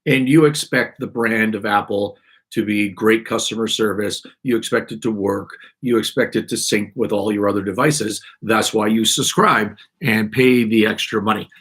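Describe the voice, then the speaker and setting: Hosting a live stream, this podcaster rants about a complaint in an exasperated, rambling way full of restarts. His mid-range voice is fairly bright and slightly rough, and his irritated throat keeps catching so he clears it often.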